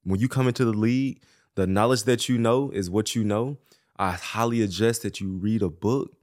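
A man from Mississippi with a fairly low voice, talking casually about his life. He speaks in a laid-back, matter-of-fact way and uses relaxed Southern slang. He sounds like a former athlete hosting a chat show. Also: normal speed. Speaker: podcast host, former NFL player.

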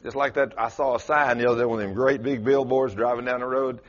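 A man's voice: medium pitch, fairly even intonation, fast. A man preaching a sermon in a church, folksy and storytelling, with Southern turns of phrase. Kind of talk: folksy sermon with acted-out quotes. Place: church sanctuary with congregation. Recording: dull lo-fi church recording.

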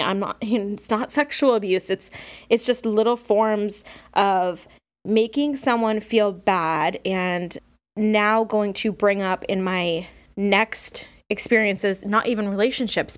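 A young woman hosting a podcast, talking candidly in a rambling personal monologue full of fillers and restarts. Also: medium pitch. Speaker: podcast host.

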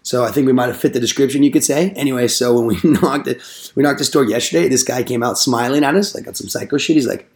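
A man's voice: medium pitch, quick pace, darkish tone. A young man casually telling door-knocking stories, full of slang and swearing, acting out the people he quotes. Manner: rambling storytelling with slang and swearing, acts out quotes. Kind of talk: casual podcast chat.

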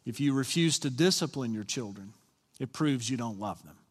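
A man's voice: medium pitch, lively intonation, moderate pace, husky, in a large hall. A man, a senior pastor, giving a conversational sermon and often asking the congregation questions. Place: church sanctuary.

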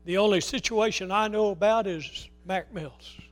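Man, pastor, high-pitched voice, impassioned sermon, loud then hushed, middle-aged. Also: moderate pace, faint music behind.

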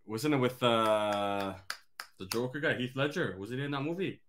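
A man's voice: medium pitch, moderate pace, fairly bright tone, a little hiss or hum. A man as a podcast guest in casual chat, laid-back, trailing off and restarting his sentences.

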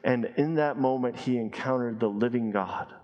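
A man preaching a sermon as pastor, emphatic, repeating key phrases and dropping his voice low and slow to stress a point. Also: highs cut off. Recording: long reverb of a large hall.

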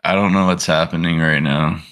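A man's voice: deep voice, steady tone, moderate pace, a bit bright, smooth. A man co-hosting a podcast, chatting loosely with profane jokes. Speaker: podcast co-host. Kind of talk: casual chat.

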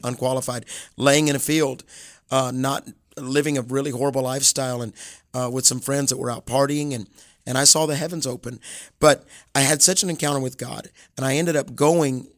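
A man's voice: mid-range voice, a bit bright, dry recording, studio quality. A middle-aged man from Alabama with a Southern American accent, telling his story earnestly and with many restarts as a guest in an interview. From Alabama, USA. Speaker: guest evangelist and author. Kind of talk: casual interview.

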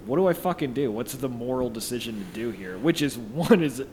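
A man's voice: medium pitch, animated, brisk, darkish tone, slight background noise. A man casually telling a long story, rambling and swearing freely, with lots of filler words. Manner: rambling, profane, heavy use of "like".

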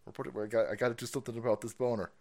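A man hosting a stream, ranting in a foul-mouthed, mocking way, often laughing and jumping up in pitch when excited. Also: rapid-fire, gravelly. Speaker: streamer and host. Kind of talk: profane ranting commentary stream.

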